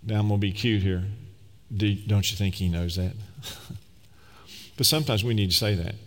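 A man's voice: lowish voice, moderate pace, pauses often. Conversational preacher man in a reverberant hall. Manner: conversational, emphatic preaching with acted-out quotes. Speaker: pastor. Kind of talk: sermon.

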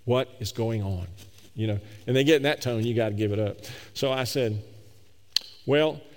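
A middle-aged man preaching a sermon, telling a personal story in a folksy, animated way full of repetitions. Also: mid-range voice, moderate pace, long reverb tail. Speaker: pastor.

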